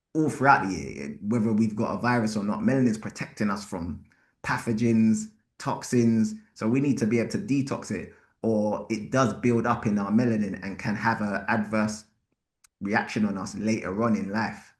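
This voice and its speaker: A man hosting a live podcast, talking bluntly and with animated slang. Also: fairly low pitch, normal speed. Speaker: podcast host. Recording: roomy echo.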